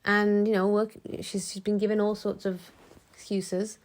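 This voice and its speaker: A woman's voice: mid-range voice, flat delivery, normal speed, darkish tone. A woman vlogging to camera in a frank, chatty way, with many restarts, who acts out the people she quotes. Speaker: motivational vlogger. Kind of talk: casual talk to camera.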